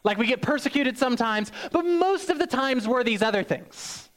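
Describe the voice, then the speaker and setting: A man preaching a sermon, acting out hyped quotes and then dropping low and soft for the serious points. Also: expressive, moderate pace. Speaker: pastor.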